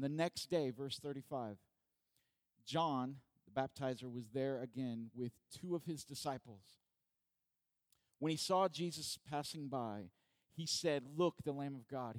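A man's voice: medium pitch, no echo. A male pastor preaching a sermon in a conversational way, asking his congregation many rhetorical questions.

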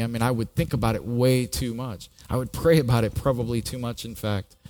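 A man's voice: medium pitch, fairly even intonation, brisk, darkish tone. A middle-aged man, a pastor, telling his own story in a sermon, earnest and often repeating a word as he starts a thought. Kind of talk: sermon with personal testimony.

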